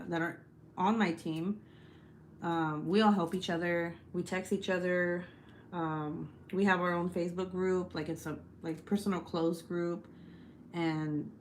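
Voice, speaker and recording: A woman's voice: on the low side, slight background noise. Chatty, foul-mouthed young woman streaming live. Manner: chatty, profanity-laced, lots of "like" fillers. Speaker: YouTube host. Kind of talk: casual livestream chat.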